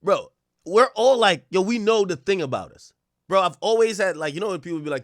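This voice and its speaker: A male streamer riffing to his chat in loose, slang-heavy commentary, laughing as he goes. His voice swings widely and sits a little high, and the close microphone sounds completely dry. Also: a little fast, no room sound. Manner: excitable, slangy, laughs often. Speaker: streamer reacting to clips. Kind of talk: animated casual commentary to chat.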